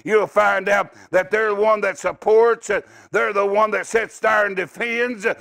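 A middle-aged man preaching a revival sermon in a church, with a folksy, rambling delivery that bursts into shouts. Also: high-pitched, steady tone, moderate pace, gravelly. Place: church sanctuary.

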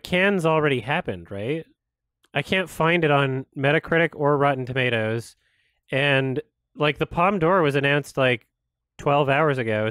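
A man hosting a casual reaction video, laughing often, swearing and breaking into loud excited exclamations between quieter musings. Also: mid-range voice, no room sound, studio quality.

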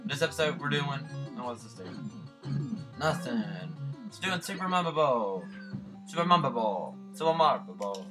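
A man casually commentating his own gameplay, goofy and rambling, cracking jokes and shouting at the screen. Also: fairly high pitch, animated, normal speed, over music. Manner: goofy, rambling, sings snatches of songs. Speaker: let's play host.

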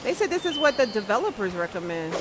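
Her voice sits a little high and swings broadly in pitch as she talks at a quick pace over a noisy background. She's a gaming streamer laughing often and addressing her chat directly in easygoing commentary.

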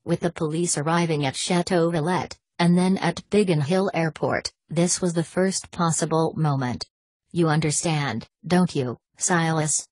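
A woman reading the lines of a calm, cunning male French manservant, speaking quietly and assuredly with a French accent. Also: low voice, measured pace, breathy edge, dry recording.

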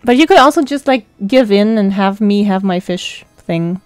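A woman's voice: medium pitch, animated, moderate pace, a little mellow, no echo. Chatty woman streaming a game. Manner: chatty, reads card text aloud, laughs often. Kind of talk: casual game commentary reading dialogue aloud. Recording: faint music behind.

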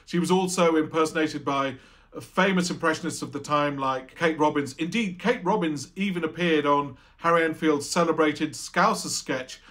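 A man's voice: a little high, moderate pace, a bit bright. A man giving thoughtful commentary in a documentary interview.

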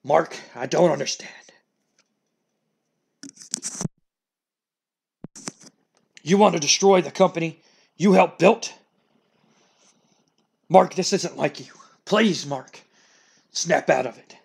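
A man voicing an outraged wrestling company boss, yelling in a raised, higher voice. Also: a little slow, creaky, pauses often, husky, heavily acted. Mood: pleading. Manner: shouting, outraged, higher-pitched delivery. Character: furious grieving male wrestling company boss.

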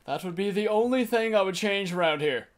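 A young man commentating a game casually, excitable and swearing, with frantic outbursts. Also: high-pitched, fairly quick. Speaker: gameplay commentator. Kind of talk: casual let's-play commentary.

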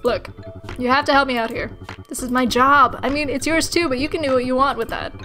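A woman voicing an anxious, bossy female office manager who scolds in a halting, stern way. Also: sits high, steady tone, bright, forceful tone, faint music behind. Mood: exasperated scolding.

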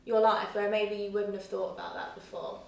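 A woman's voice: mid-range voice, fairly even intonation, brisk, vocal fry, darkish tone. A young woman in a casual chat, earnestly explaining her views at length. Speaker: guest. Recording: roomy echo, distant mic.

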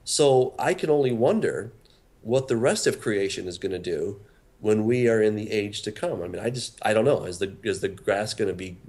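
A man with a fairly low voice speaks as a pastor guest on a radio talk show. He talks earnestly, often doubling words as he searches for the next phrase. His delivery is that of an unscripted interview. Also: animated, normal speed, darkish tone.

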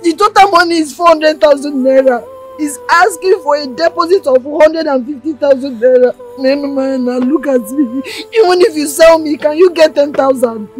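A woman's voice: high voice, normal speed, natural voice, poor audio. An actress with a Nigerian accent playing a despairing young woman, crying through her words. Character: grief-stricken young woman, sobbing and despairing.

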